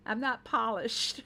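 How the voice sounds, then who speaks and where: A woman's voice: a little high, vocal fry, bright, forceful tone. A woman with a Southern American twang hosts a casual reaction commentary, chatting along and laughing at her own asides. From Southern United States. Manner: chatty, laughs often, self-deprecating asides. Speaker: host.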